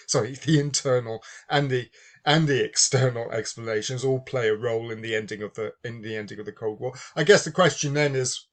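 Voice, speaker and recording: A man's voice: mid-range voice, a bit bright. A man giving a university lecture, thinking aloud with many fillers and restarts. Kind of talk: recorded lecture.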